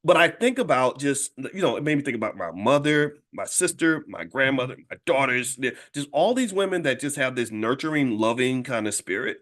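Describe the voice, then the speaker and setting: A middle-aged man tells a story from his own life in a casual, conversational way. His voice sits at an ordinary pitch for a man. He often stumbles, restarts and repeats words as he talks. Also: lively intonation, fairly quick, few pauses, fairly bright tone. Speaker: finance educator and channel host.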